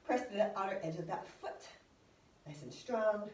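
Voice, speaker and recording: A woman's voice: mid-range voice, animated, normal speed, a little mellow, recorded from a distance, a little hiss or hum. Woman fitness instructor in echoey room. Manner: encouraging cues, counting down, exertion whoops. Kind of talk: guided workout instruction.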